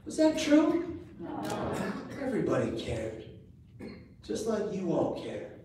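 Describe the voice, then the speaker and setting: A man giving a live motivational speech to a crowd, telling a personal story with earnest pauses and quick jokes, his voice rising high and loud at dramatic moments. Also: huge pitch swings, background noise. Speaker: public speaker. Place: large event room. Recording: echoey live room recorded from far off.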